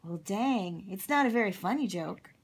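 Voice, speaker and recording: A woman's voice: medium pitch, expressive, moderate pace, breathy edge. A woman voicing a blunt, folksy cowboy man with a drawl in a storybook read-aloud. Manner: drawling, plain-spoken, says ain't and dang.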